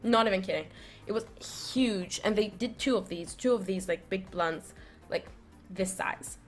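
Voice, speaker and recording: A young woman vlogging, telling a story in a rambling, animated way full of fillers and restarts. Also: mid-range voice, normal speed, soft background music. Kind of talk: casual storytelling.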